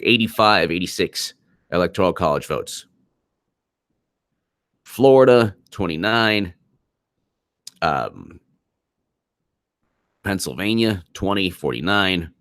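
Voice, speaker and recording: Deep-voiced man hosting a political live stream. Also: a bit bright, no room sound, clean studio sound. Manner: emphatic, repeats himself, reads super chats aloud.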